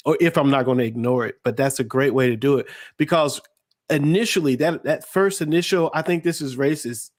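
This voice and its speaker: A man co-hosting a casual panel conversation, talking haltingly and restarting his sentences. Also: mid-range voice. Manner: halting, repeats words, asks questions. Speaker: co-host.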